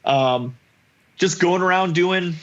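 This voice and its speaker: A man co-hosting a podcast, recapping an episode in casual chat, animated and swearing, acting out characters' lines. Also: sits high, slow, muffled recording. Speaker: podcast co-host.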